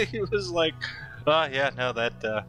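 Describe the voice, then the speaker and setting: Rambling young man with a bright voice. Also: on the high side, poor audio. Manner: rambling, laughs often, many fillers and restarts. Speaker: artist streaming while drawing. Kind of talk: casual storytelling while drawing.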